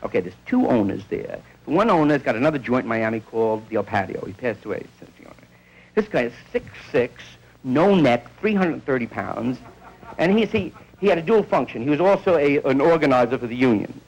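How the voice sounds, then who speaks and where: A man's voice: mid-range voice, big pitch swings, fairly quick, a little mellow, rough recording. A man doing a rambling stand-up comedy monologue, telling stories and acting out bits of dialogue.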